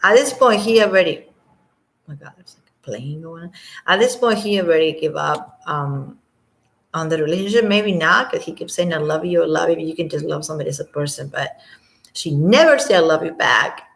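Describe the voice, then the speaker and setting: A woman with a lowish, gravelly voice talks through an audio clip in a loose, casual way. She rambles from thought to thought and sometimes sinks to a quiet near-whisper. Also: animated, fairly quick. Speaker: commentator reacting to audio. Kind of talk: casual commentary.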